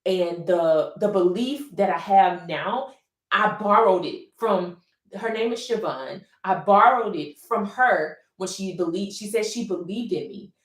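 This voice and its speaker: A woman's voice: medium pitch, expressive, measured pace. A young adult woman, an artist painting on a live stream, talking in an earnest, rambling way with many restarts. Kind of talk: casual heartfelt monologue. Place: room while painting on camera. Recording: echoey room.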